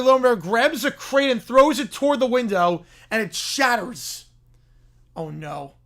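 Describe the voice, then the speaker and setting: Gravelly rambling male streamer. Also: sits high, fairly bright tone. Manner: laughing, rambling, self-interrupting. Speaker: streamer host. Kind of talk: live stream storytelling and chat.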